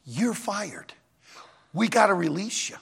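A man's voice: high voice, sing-song, slow pace, gravelly, slightly rough, exaggerated voice. A man voicing a blunt male circus manager, curt and matter-of-fact, with long hall reverb. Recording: long reverb of a large auditorium.

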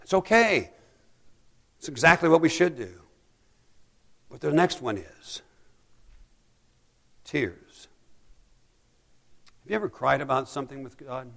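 A man preaching a sermon as a pastor, rising to loud pleading cries and dropping to hushed, soft passages. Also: mid-range voice, lively intonation, unhurried, vocal fry, pauses often, long reverb tail.

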